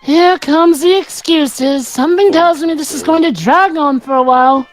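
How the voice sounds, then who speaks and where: A woman's voice: high-pitched, moderate pace, dry recording, faint music behind, lightly acted, rough recording. A woman voicing a young boy king with a dry, teasing manner in a fan-voiced game playthrough. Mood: wry. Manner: wry, teasing.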